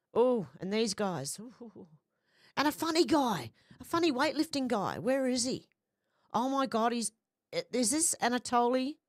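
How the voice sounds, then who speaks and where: A woman's voice: on the high side, no room sound, clean studio sound. A woman hosting a casual live stream, reading out viewer comments and rambling in a chatty way. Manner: chatty, rambling, laughs easily.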